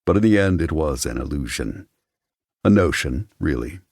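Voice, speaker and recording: Deep-voiced man narrating an audiobook. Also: lively intonation, normal speed, darkish tone, husky, no room sound, studio quality.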